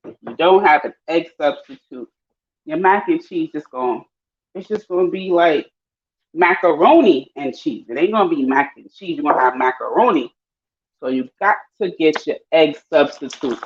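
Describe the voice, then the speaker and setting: A woman's voice: low voice, animated, moderate pace, a little hiss or hum. A woman chatting casually and slangily while cooking in her home kitchen. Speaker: live-stream host. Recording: dull lo-fi stream audio.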